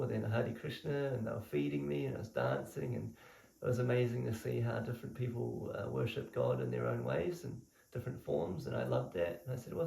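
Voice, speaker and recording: A young man casually telling the story of his spiritual initiation, animated and laughing often as he talks. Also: medium pitch, vocal fry. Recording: roomy echo, mic at a distance.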